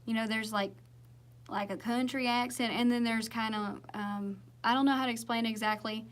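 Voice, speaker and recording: Chatty Southern woman, fairly high voice. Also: steady tone, normal speed. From Southern United States. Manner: chatty and rambling, many fillers and restarts. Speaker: singer-songwriter livestreaming. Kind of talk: casual livestream chat with viewers.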